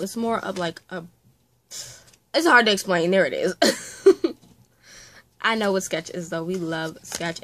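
A young woman, a makeup artist, chatting through a casual unboxing vlog, gushing and often dropping into breathy whispered exclamations. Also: fairly low pitch, a bit bright, a little hiss or hum.

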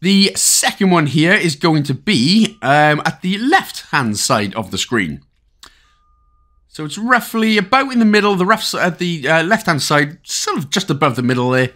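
Lively Welsh man narrating gameplay. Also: fairly high pitch, moderate pace. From Wales. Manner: chatty, rambling asides and jokes. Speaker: game walkthrough host. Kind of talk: casual gameplay commentary.

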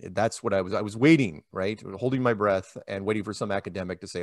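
A man's voice: on the low side, fast talker, dry recording. A man from the United States, talking casually in an interview, rambling with many restarts and quoted asides. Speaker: interview guest.

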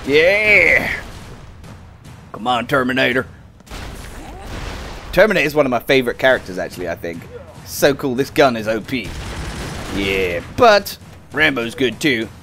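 A man giving casual, excitable and self-mocking commentary while playing a video game, chatting to his viewers. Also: medium pitch, measured pace, long pauses, soft background music. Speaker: gaming video host.

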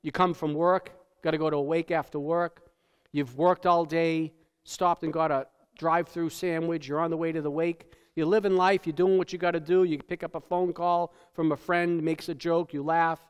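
A male pastor preaching a sermon in a conversational style, often asking "right?" and dropping to a hush for solemn points. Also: a little high, fairly even intonation, normal speed, clear, resonant tone. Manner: tag questions, repeats words. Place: church sanctuary. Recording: church hall with long reverb.

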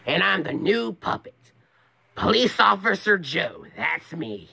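A young man voicing a stern male police officer puppet in a scratchy, low voice. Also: very animated, measured pace, gravelly, sharp tone, slightly rough, exaggerated voice. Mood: gruff.

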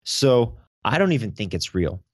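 A young man telling a story in an animated way as a podcast guest. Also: mid-range voice, normal speed, dry recording, studio quality. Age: young adult. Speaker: podcast guest, teen podcast host. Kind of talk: casual interview storytelling.

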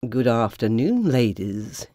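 A storyteller voicing a sly, hungry male fox villain who drawls slowly. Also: medium pitch, big pitch swings, warm tone, dry recording, studio quality, voice pushed down.

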